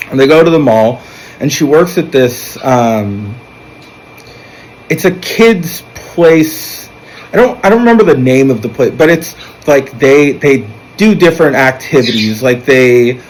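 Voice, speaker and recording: A man's voice: medium pitch, a little hiss or hum, rough recording. A man recapping a film's plot in a casual, rambling way, with fillers and restarts. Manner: rambling storytelling, animated when quoting characters. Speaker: movie reviewer.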